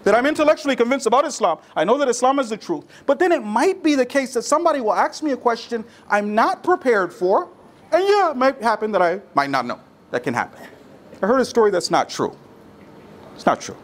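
A man's voice: very high-pitched, sing-song, fairly quick. A man preaching a sermon to a congregation, using rhetorical questions and repetition. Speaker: religious speaker.

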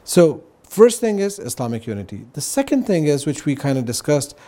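A man with a fairly high, mellow voice talks in an earnest, explanatory way. He keeps checking in with his listener through "right?" and "you know" as he works through his points. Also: sing-song, moderate pace. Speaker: guest on a religious talk show. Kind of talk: casual explanatory talk.

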